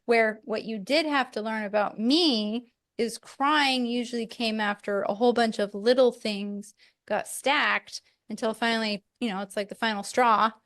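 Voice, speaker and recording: A woman's voice: fairly high pitch, normal speed, a bit bright. A middle-aged woman hosting a podcast, talking candidly and reflectively in casual chat, with light laughs now and then. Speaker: podcast host.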